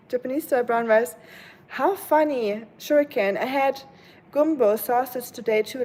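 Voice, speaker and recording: Chatty woman with a higher voice. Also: a little mellow, low-quality recording. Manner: chatty and playful, laughs often. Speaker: live streamer chatting with viewers. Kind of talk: casual chat. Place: at home, rain outside. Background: rain ambience.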